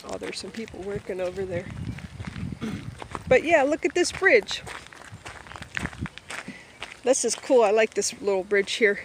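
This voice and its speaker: A woman from Ohio rambling casually while she films a walk in a park on a handheld phone, a bit out of breath from walking fast. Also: medium pitch, expressive. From Boardman, Ohio. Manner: rambling, chatty, laughs often. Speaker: vlogger. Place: outdoor park, windy day. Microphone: handheld phone camera while walking. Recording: loud outdoor wind noise.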